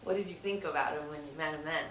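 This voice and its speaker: A woman's voice: sits low, fast, fairly bright tone, a little hiss or hum. A woman interviewing a relative, asking hesitant questions with frequent restarts. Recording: roomy, distant from the mic.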